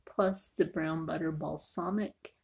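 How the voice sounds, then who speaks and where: Woman, husky, fry in the voice, lowish pitch, casual vlog chat, half-whispered asides. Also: steady tone, a little slow. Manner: chatty, jokey, sometimes drops to a near whisper. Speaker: vlogger.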